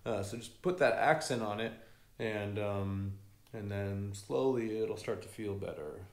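A man with a lowish voice teaches fiddle in an easygoing, chatty way, humming the rhythms and filling pauses with ums. He sounds like he is in a reverberant room. A fiddle plays faintly in the background. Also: faint music behind. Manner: relaxed, hums rhythms, many fillers. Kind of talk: casual music lesson. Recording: echoey room with fiddle playing.

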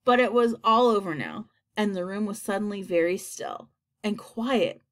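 A woman reading a children's story aloud in an expressive, animated way. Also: mid-range voice, normal speed. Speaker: audiobook reader. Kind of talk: storybook narration.

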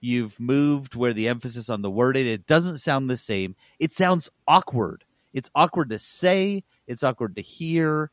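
A man's voice: medium pitch, unhurried, few pauses, dry recording, clean studio sound. A man co-hosting a casual gaming podcast, ranting in an emphatic, joking way. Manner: animated, jokey, emphatic rants. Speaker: podcast co-host.

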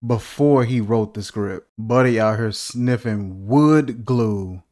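A man hosting a casual movie reaction, joking and incredulous, asking one rhetorical question after another. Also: medium pitch.

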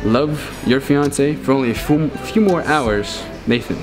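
A man's voice: mid-range voice, a little slow. A young man in his twenties, a groom, reading a love letter and his wedding vows in a tender, earnest way. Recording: with music playing over it.

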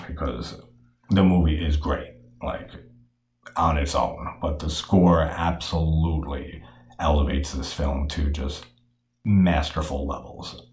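A man with a low voice talks through a movie recap in a loose, rambling way, swearing freely and leaning on fillers. His voice rings in a noticeably echoey room. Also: a little mellow. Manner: rambling, profane, with frequent fillers and laughs. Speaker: horror film discussion host. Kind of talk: casual film recap and commentary.

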